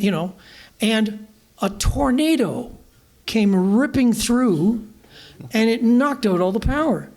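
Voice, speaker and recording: An older man, a guest musician, telling stories to a live audience in a bar, animated and often laughing. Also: high voice. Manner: animated, laughing, vivid storyteller.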